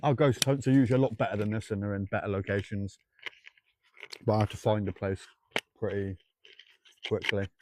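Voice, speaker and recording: A man's voice: lowish voice, fairly even intonation, brisk, long pauses, background noise. A man hosting a live ghost hunt outdoors at night, rambling, joking and greeting viewers by name, his throat sore and dry. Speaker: ghost-hunting livestream host. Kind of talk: live-stream chat to viewers. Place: outdoors at night by old railway tracks.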